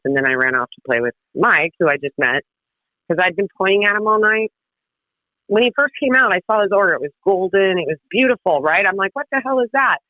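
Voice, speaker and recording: A woman guest telling wild stories in casual chat, lively and laughing, swearing freely. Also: deep voice, dry recording. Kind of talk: casual storytelling. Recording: tinny phone-like line, dry.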